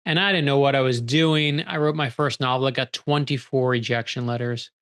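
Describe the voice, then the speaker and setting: A man, a guest author, telling stories in an energetic, animated conversational way and acting out quoted dialogue. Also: medium pitch, clear, resonant tone. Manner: energetic, animated, quick bursts when excited. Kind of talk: conversational storytelling.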